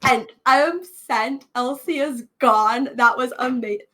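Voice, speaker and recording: A woman's voice: high-pitched, takes it slowly, noisy background. A woman playing her character in a tabletop role-play, bantering in a playful, indignant way.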